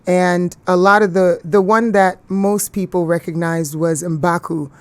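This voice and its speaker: A woman's voice: lowish voice, fairly even intonation, a little slow, clear, resonant tone, no room sound. A woman from Ghana, an actress, talking earnestly in an interview and laughing easily. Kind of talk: casual interview talk.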